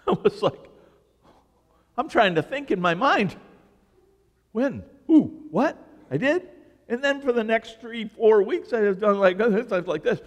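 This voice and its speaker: A male pastor preaching a sermon, telling stories in an animated, joking way. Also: high-pitched, unhurried, pauses often. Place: church sanctuary. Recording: reverberant church hall.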